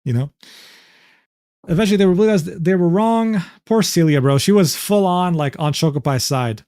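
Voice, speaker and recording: A man's voice: high-pitched, normal speed, mellow, no room sound, clean studio sound. A man in his twenties doing casual reaction-stream commentary, talking loosely with lots of swearing and "bro" asides. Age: 20s.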